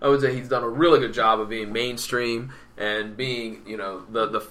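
A man's voice: medium pitch, steady tone, moderate pace, fairly bright tone. A man in casual chat, telling a story animatedly and acting out the quotes.

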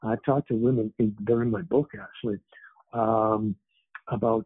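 With a lowish, expressive voice at a moderate pace, marked by vocal fry and a breathy edge, a man in his seventies chats casually as an interview guest. An author born in England and raised in Canada, he rambles with many fillers over a tinny phone line, with no room sound.

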